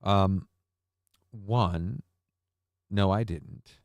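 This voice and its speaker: A man's voice: low voice, very slow, no echo. A man hosting a casual livestream, rambling, cursing and making sarcastic asides while reading chat messages. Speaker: livestream host.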